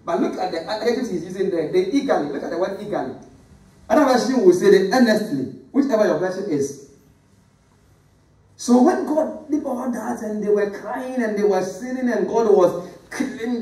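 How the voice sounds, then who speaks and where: A man's voice: high-pitched, animated, normal speed, warm tone. A middle-aged man preaching a sermon. He talks emphatically, repeating phrases and calling on the congregation to read verses aloud. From Ghana. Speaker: pastor. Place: church sanctuary. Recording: echoey church from a distant mic.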